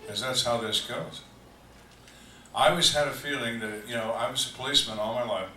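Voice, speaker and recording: An older man who was a homicide detective tells dry, deadpan stories with slow, emphatic pauses at a live fan Q&A. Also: mid-range voice, a crowd in the background. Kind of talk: live storytelling Q&A. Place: event room on a cruise ship, live audience. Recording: echoey room, distant mic, faint ambience.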